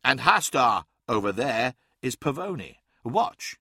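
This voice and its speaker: A man voicing a calm, proud male warrior-mentor who speaks in a measured, instructive way. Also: mid-range voice, vocal fry, slightly rough, no room sound, clean studio sound, heavily acted.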